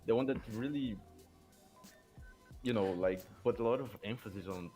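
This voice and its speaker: A man's voice: fairly low pitch, moderate pace, warm tone, faint music behind. A man from Brazil, a Portuguese speaker, chatting playfully as a podcast guest. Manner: playful, teasing. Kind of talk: casual podcast chat.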